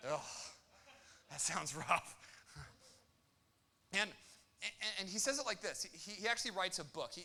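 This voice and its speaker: A young adult man preaching a sermon, animated and joking, with quick asides and acted-out quotes. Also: on the high side. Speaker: pastor.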